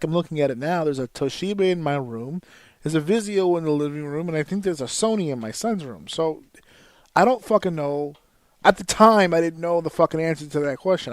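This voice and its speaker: A man's voice: a little high, no room sound. A man in his thirties hosting a podcast, telling a profane, exasperated story in a casual rant. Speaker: podcast host. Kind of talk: casual ranting monologue.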